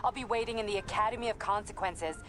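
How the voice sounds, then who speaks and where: A woman's voice: medium pitch, quick pace, noisy background, close to an everyday voice. An actress voicing a secretive woman informant in a video game, talking urgently and earnestly. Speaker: game character.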